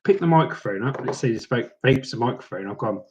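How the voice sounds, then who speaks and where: A middle-aged man with a British accent, telling a story casually to the camera and acting out other people's lines with lively voices. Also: medium pitch, quick pace, highs cut off. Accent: British English.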